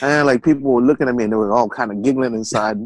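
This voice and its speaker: A man's voice: mid-range voice, racing, no echo, poor audio. A man in casual banter, telling stories in a joking way and laughing often.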